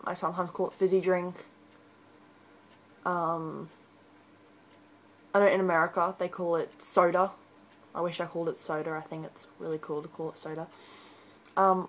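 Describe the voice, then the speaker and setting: A woman's voice: fairly low pitch, low-quality recording. A teenage girl from Brisbane with an Australian accent, chatting casually and rambling with frequent ums in an accent-tag video, recorded on a webcam. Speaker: vlogger.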